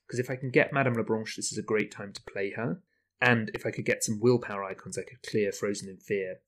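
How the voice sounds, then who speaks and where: A man's voice: medium pitch, a bit bright. Man thinking aloud through a card game. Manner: talks through choices, weighing options aloud. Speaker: solo card game player. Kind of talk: thinking-aloud gameplay commentary.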